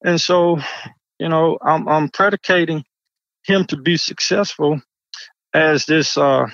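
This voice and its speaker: A county commissioner from Georgia answering interview questions over the phone, earnest and halting with restarts. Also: male voice, on the high side, steady tone, creaky, fairly bright tone, no echo. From Georgia, United States. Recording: lo-fi phone line.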